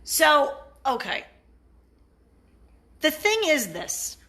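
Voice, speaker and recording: A woman dating coach talks straight to the camera in a casual vlog. Her voice is bright and forceful, pitched a touch high, and she takes her time. She is blunt and profane, slipping into what partners say to make her point. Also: big pitch swings, extremely slow. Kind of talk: casual advice vlog monologue.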